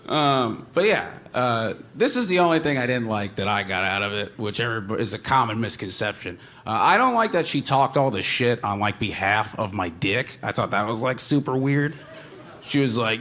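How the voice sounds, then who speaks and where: A man doing a stand-up comedy set on a live stage, rambling and self-deprecating, with many fillers and sudden shouted bits. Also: medium pitch, expressive, fairly quick. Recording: noisy live stage recording.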